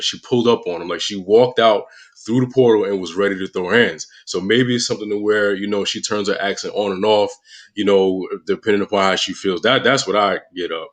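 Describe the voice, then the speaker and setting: Laid-back low-voiced man from New York. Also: fairly quick. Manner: laid-back, slangy, theorizing aloud. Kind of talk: casual podcast chat.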